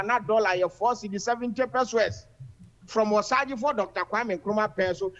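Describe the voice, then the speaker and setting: A man's voice: high voice, a bit bright, muffled recording. A man calling in to a radio show, earnestly giving political views and addressing the host. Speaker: caller. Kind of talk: political call-in commentary.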